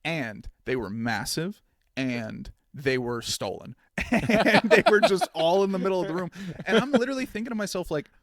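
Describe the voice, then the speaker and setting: A man's voice: on the high side, animated, normal speed, dry recording. A man co-hosting a podcast, telling stories in a rambling, casual way with lots of filler words. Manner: rambling storyteller, full of "like". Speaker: podcast co-host. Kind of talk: casual chat.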